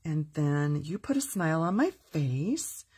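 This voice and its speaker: A woman's voice: low voice, big pitch swings, measured pace, a little mellow, slight background noise. A middle-aged woman hosting a live card-making tutorial, chatty and upbeat, reading viewer comments aloud as she works. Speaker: crafting host.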